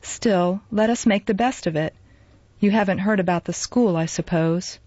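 A woman voicing an ailing, sad and forgiving middle-aged man who murmurs quietly and huskily in a storybook reading. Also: medium pitch, normal speed, dry recording, close to an everyday voice. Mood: weary. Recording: dull lo-fi dry recording.

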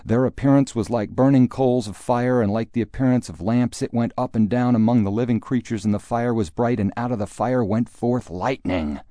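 A man voicing a blustering, older, wealthy conservative father who lectures loudly in a folksy manner. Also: normal speed, hardly any pauses, dry recording, studio quality, lightly acted. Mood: hectoring. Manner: booming, hectoring, folksy, sometimes fake Texan.

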